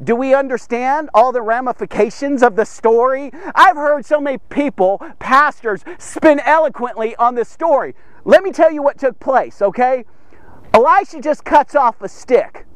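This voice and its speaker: A man's voice: extremely high pitch, normal speed, no echo. A man giving a casual Bible teaching, often checking in with "okay?" and acting out the people in the story. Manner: keeps checking in with "okay?" and "here's the thing"; animated, acts out the people in the story. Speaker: devotional podcast teacher.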